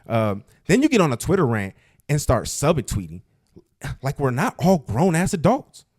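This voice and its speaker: A man putting on the voice of an offended young woman reading out a complaint, in a prim, measured manner. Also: fairly high pitch, wildly swooping pitch, darkish tone, slightly rough, heavily acted. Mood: indignant.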